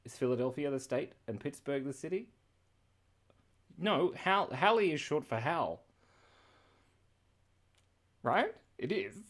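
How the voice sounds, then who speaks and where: A man's voice: a little high, sing-song, slow, long pauses. An Australian man hosting a live drawing stream, chatting in a scattered, rambling way, laughing often and reacting to chat messages. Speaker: livestream host drawing and reading chat.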